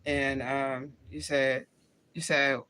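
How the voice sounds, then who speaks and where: Extremely low-pitched and a little bright, her voice comes out flat and slow. She's a St. Louis, Missouri livestream host in her forties, reading and responding to viewer comments in a casual live chat, talking bluntly with plenty of slang and frequent laughter.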